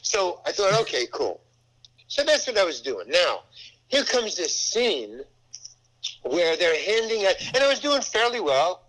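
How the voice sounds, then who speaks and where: Older guy, actor telling an old set story, halting and rambly, pitch all over. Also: very animated, fairly bright tone, low-quality recording. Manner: rambling, halting, full of restarts. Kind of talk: casual anecdote.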